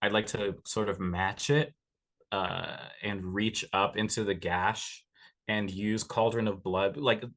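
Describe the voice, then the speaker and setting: A man playing in a tabletop role-playing game, talking through his character's moves with many pauses and fillers. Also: lowish voice, fairly even intonation, fairly bright tone. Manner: hesitant, many fillers and restarts while planning moves. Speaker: player.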